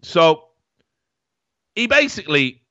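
A man's voice: a little high, big pitch swings, takes it slowly, pushed and bright, no echo, dull audio. A man hosting a podcast in casual chat, sarcastic, swearing and laughing as he talks. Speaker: podcast host.

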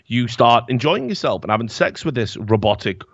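A man hosting a podcast, reading news stories aloud in casual, animated chat and swearing freely. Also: medium pitch, brisk, no room sound, muffled recording. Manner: animated, swearing, laughing often. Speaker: podcast host.

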